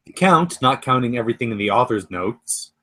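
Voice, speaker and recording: A young man co-hosting a comedy fanfiction reading, reading along in a dry, deadpan way. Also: mid-range voice, a little fast. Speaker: co-host reading fanfiction aloud.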